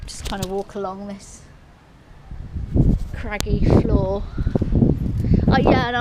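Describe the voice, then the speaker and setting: A woman vlogging outdoors on a handheld phone, chatting in a rambling, casual way that sometimes turns soft and subdued. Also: medium pitch, lively intonation, slow, pauses often. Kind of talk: casual walking vlog. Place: outdoors on a street. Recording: noisy outdoor street.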